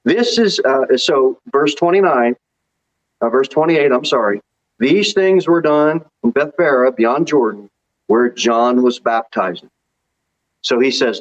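A man's voice: medium pitch, unhurried, lo-fi sound. A man preaching a sermon as pastor in a church, reading scripture aloud with emphasis.

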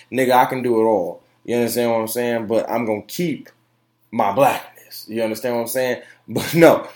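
A young man hosts a solo opinion podcast, ranting in a loud, emphatic way. He swears freely, circles back on his own phrases and leans on fillers as he makes his point. His voice sits at an ordinary middle pitch for a man. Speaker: podcast host.

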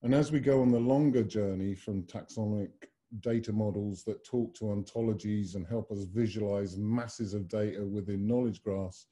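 Man hosting a webinar in a very dark voice. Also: on the low side. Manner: expansive, fond of extended metaphors. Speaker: webinar host and consultant. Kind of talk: presenting a webinar. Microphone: video call.

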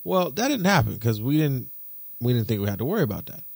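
A young man hosts his podcast alone, telling stories in a loose, slangy way. He jumps from loud, excited bursts to low asides, and his voice sits in a middle pitch. The sound is dry and close, with no room echo. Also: fast talker, creaky, breathy edge. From Detroit. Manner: animated, slangy, swings from loud exclamations to low muttering. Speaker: podcast host. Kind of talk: casual storytelling monologue.

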